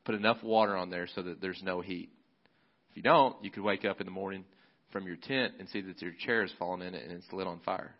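Male pastor, lowish voice, laid-back sermon retelling, slightly dull recording. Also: fairly even intonation, brisk. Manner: casual, conversational storytelling with fillers.

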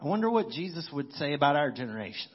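A man with a husky, somewhat high voice preaches a sermon. He talks it through conversationally, as if thinking aloud. The recording sounds dull and lo-fi. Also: big pitch swings, fast. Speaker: pastor.

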